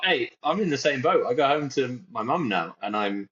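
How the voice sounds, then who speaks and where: A man's voice: medium pitch, expressive, normal speed, a bit bright, highs cut off. A man co-hosting a podcast in casual chat, rambling and jokey and mimicking other people's phrases. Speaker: podcast co-host.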